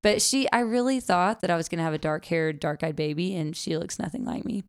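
A young woman chats casually about motherhood, her voice sitting a bit low with a gravelly edge. She is animated and full of "like" fillers, and pops up into a high voice to act out what she and others said. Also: fairly quick. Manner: animated, many "like" fillers, acts out quotes in a high voice. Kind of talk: casual chat.

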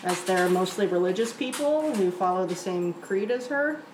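A woman's voice: medium pitch, animated, normal speed. A female player asking thoughtful questions during a tabletop game. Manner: inquisitive, thoughtful. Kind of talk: casual tabletop play. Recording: roomy, background noise.

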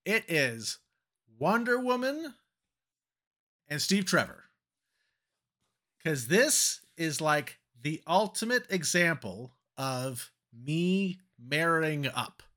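Bright, slightly high-voiced man chatting. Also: big pitch swings, takes it slowly, pauses often. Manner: self-deprecating, chatty. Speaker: podcast co-host. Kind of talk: casual chat.

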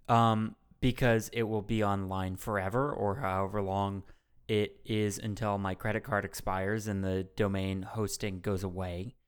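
A man's voice: on the low side, flat delivery, unhurried, clear, resonant tone. A man hosting a podcast in casual banter, brash and joking, swearing freely. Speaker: podcast host.

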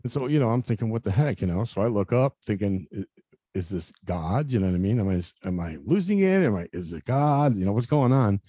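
Man, 50s, interview guest, lowish pitch, mellow tone, dry close sound, halting, earnest. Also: animated, slightly rough, dry recording. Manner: halting, repeats words, many "you know" fillers; earnest, confessional. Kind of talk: personal story in conversation.

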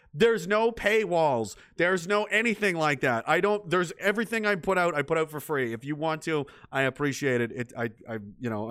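A man's voice: medium pitch, fairly bright tone, no echo. A man reading viewer messages on a livestream, ranting and swearing, trailing off into mumbled asides. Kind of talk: profane livestream chat reading.

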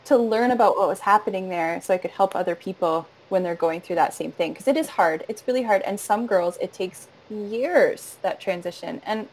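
A woman's voice: medium pitch, normal speed, few pauses, slight background noise, low-quality recording. A woman talking in a casual interview about teaching voice. She speaks earnestly, often laughs, and is easy to follow. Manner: warm, earnest, laughs often, demonstrates voice registers. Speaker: voice and singing teacher, audiobook narrator.

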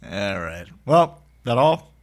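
A man co-hosting a podcast, relaxed and laughing often as he wraps up the episode. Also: mid-range voice, slow. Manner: laid-back, laughs often. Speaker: podcast co-host. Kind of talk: casual podcast banter.

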